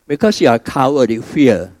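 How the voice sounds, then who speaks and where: A man preaching a sermon, telling stories with sudden swings between loud emphasis and soft asides. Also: mid-range voice, sing-song, a little fast, dry recording, low-quality recording.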